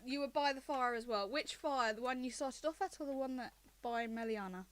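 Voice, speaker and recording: A woman running a tabletop game as game master, recapping the story in a relaxed, chatty way. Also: high-pitched, fairly quick.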